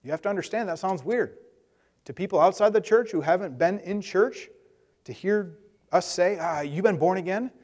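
Man, pastor, conversational sermon, acts out voices, higher voice, long hall reverb. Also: normal speed, a little mellow.

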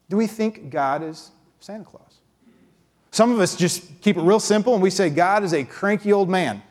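A man preaching a conversational sermon, acting out quick impressions of how people picture God. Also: darkish tone. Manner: conversational, acts out quick impressions with pitch jumps.

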